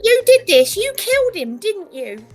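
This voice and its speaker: A woman doing a squeaky frightened young woman. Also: big pitch swings, a little slow, faint music behind, exaggerated voice. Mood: alarmed.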